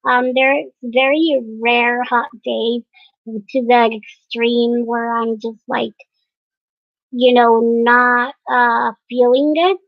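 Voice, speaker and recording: A young woman vlogging casually to camera, hesitant and pausing often with fillers. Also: fairly high pitch, little pitch movement, gravelly, no echo. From United States. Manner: hesitant, many fillers and pauses. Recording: dry, dull lo-fi sound.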